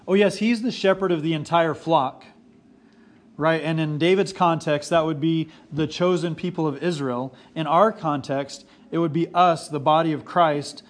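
Male pastor, 40s, fairly high voice, earnest sermon delivery with repeated emphasis.

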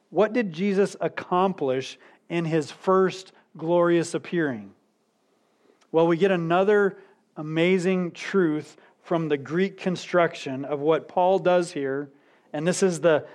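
Slow-speaking male pastor preaching. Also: fairly high pitch. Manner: teaching verse by verse, slowing down to stress key words. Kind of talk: sermon.

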